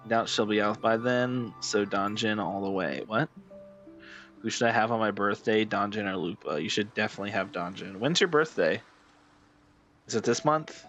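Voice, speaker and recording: A man streaming and chatting casually with his live chat, rambling with lots of fillers and restarts, and getting excited when amused. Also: on the low side, moderate pace, lo-fi sound, faint music behind.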